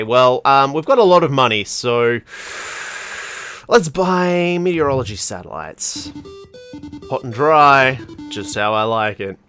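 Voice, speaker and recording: A man's voice: medium pitch, bright, forceful tone. A man hosting a let's play, giving casual, wry commentary on a game and reading on-screen text aloud.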